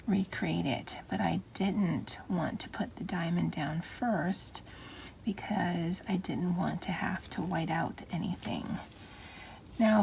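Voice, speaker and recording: Slow, gravelly-voiced middle-aged woman. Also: lowish voice, slight background noise. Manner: Valley Girl intonation; soft, often half-whispered, self-deprecating. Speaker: planner vlogger. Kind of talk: casual crafting chat.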